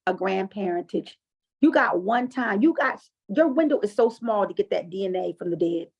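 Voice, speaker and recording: A woman hosting a group coaching call, talking in an animated, chatty way with frequent fillers as she explains and tells stories. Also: mid-range voice, normal speed, husky. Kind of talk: coaching talk and personal storytelling. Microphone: online call audio. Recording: dull lo-fi call audio.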